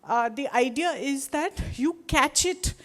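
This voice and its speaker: A woman's voice: high voice, unhurried. Indian woman lecturing, discursive and chatty. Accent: Indian English. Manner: discursive, with many restarts and asides. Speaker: guest speaker. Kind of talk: lecture to a live audience.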